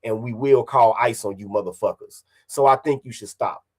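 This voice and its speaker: A man's voice: mid-range voice, normal speed. A man streaming online, ranting casually in a profane, confrontational way and repeating his points.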